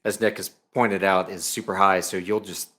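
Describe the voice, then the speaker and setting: A man's voice: sits low, level tone, normal speed, a bit bright. A man talking as a podcast guest in casual chat, easygoing with many fillers. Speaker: guest, reviewer.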